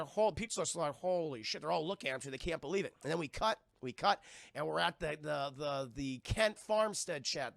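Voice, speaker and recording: Animated, profane man reviewing a film live. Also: fairly high pitch, vocal fry, dry recording, studio quality. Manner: animated, profane, acts out scenes while retelling them.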